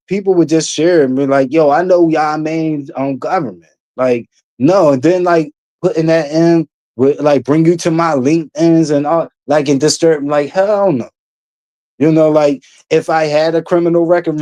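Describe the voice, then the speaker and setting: A young man talks to his livestream chat in a loose, rambling way, packed with fillers and blunt cursing. His voice sits a bit high yet sounds mellow and dark. The sound is dry and close, with no room around it. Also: no echo. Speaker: livestream host.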